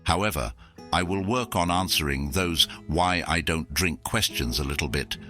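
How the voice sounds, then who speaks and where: A man with a very low voice that still has a bright, forceful edge. He sounds sarcastic and fed up, cutting off a windbag. Soft music plays faintly behind him. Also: moderate pace. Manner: sarcastic, exasperated. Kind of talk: comedy sketch dialogue.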